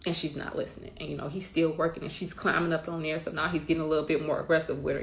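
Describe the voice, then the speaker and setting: Middle-aged woman, blunt and emphatic, gravelly edges, storytime rant, roomy echo. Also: low-pitched, level tone, racing, few pauses. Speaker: mother telling her side.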